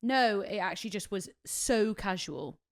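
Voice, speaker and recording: A woman co-hosting a podcast, telling animated stories and swearing freely in casual chat. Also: mid-range voice, measured pace. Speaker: podcast co-host, wedding worker.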